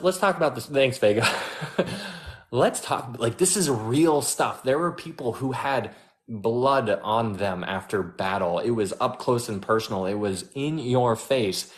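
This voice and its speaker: Guy hosting a bible study, chatty and animated, mid-pitched, lots of likes. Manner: animated, chatty, many restarts and "like"s. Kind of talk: casual Bible teaching.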